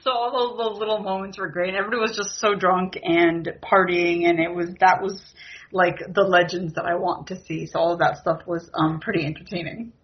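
A woman's voice: fairly low pitch, little pitch movement, fairly quick. A woman co-hosting a podcast, chatting casually about a TV episode with lots of fillers and laughs. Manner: chatty, giggly, filler-heavy. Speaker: podcast co-host. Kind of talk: casual TV recap chat. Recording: muffled lo-fi audio.

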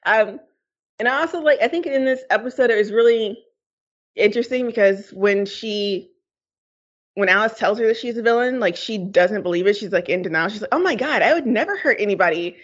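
Giggly rambling woman, casual chat. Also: mid-range voice. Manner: giggly, rambling, quick to laugh. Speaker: podcast co-host. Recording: slightly dull lo-fi sound.

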